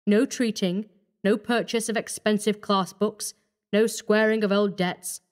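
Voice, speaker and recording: Woman playing a cold scheming doctor, calm, coaxing, menacing, storybook reading. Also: medium pitch, unhurried, natural voice.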